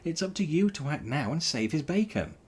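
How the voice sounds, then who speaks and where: An earnest squirrel heroine from a storybook, urging everyone on, as a man voices her. Her voice is lifted, lively and a little husky. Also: on the high side, fairly quick, pitched above the performer's own voice. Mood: insistent. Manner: insistent, hasty. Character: earnest young female squirrel, urgent.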